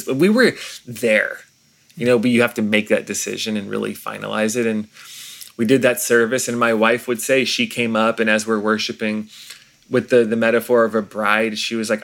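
Pastor guy being interviewed, earnest and thoughtful, kinda halting, restarts a lot. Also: fairly low pitch, steady tone, creaky, a bit bright. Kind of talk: reflective interview conversation.

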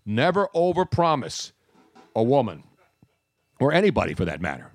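Male show host, rambling jokester, lively pitch, close dry mic. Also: moderate pace, no echo. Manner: joking, rambling, animated. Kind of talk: casual banter.

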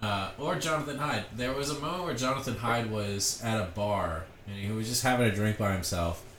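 A man co-hosting a casual movie chat, telling stories in a relaxed way and laughing often. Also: fairly low pitch, a little fast, slight background noise. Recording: roomy, echoey room sound.

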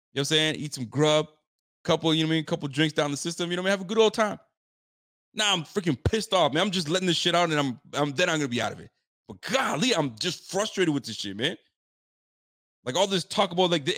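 A man's voice: fairly high pitch, a bit bright. Frustrated man ranting about his team. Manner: frustrated, blunt, slangy, repetitive. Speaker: sports fan commentator. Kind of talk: ranting post-game reaction.

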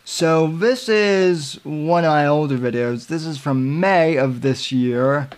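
A man hosting a podcast, giving casual commentary in a halting way with many filler sounds and restarts. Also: fairly high pitch. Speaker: podcast host.

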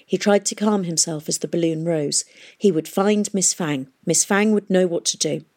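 A woman narrating a novel in a steady, expressive reading voice. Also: on the low side, moderate pace. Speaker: audiobook narrator. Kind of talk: storybook narration.

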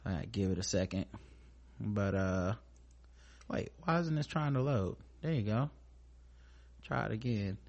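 A man's voice: on the low side, animated, a little slow, gravelly, long pauses, darkish tone, lo-fi sound. A male podcast host talking casually about news, sarcastic and profane.

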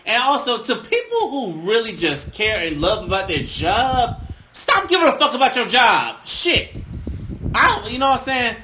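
A man's voice: extremely high pitch, big pitch swings, normal speed, pushed and bright, slight background noise. A man, co-hosting a casual podcast and ranting with heavy profanity, who keeps asking "you know what I'm saying.". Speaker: podcast co-host.

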